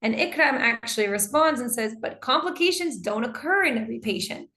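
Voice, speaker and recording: Female teacher on a video call, slightly high voice, gives feedback on student answers. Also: lively intonation, brisk. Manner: reads student answers aloud and comments warmly on them. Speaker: English teacher. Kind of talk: online class teaching.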